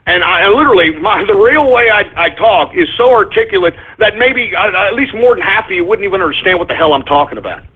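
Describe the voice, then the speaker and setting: A man's voice: high voice, expressive, quick pace, few pauses, breathy edge. A man hosting a talk radio show, ranting in an abrasive, confrontational way. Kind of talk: call-in radio rant. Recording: tinny phone-like lo-fi audio.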